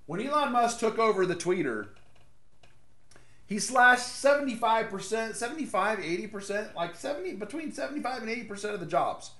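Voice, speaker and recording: A man's voice: high voice, very animated, brisk, a bit bright. A man hosting casual political commentary in a sarcastic tone, laughing at his own jokes. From American South. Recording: echoey room.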